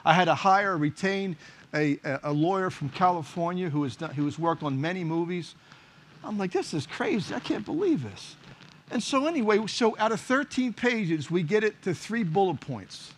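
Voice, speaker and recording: A middle-aged man, a pastor, preaching a sermon and telling stories with lively acted-out dialogue. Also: high voice, moderate pace. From United States. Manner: animated storyteller, acts out quoted dialogue. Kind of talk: sermon storytelling.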